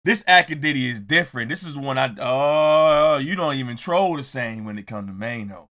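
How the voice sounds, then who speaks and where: A man commenting on a clip in a reaction video, ranting and repeating himself, sometimes shouting as he mimics others. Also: mid-range voice, animated, moderate pace.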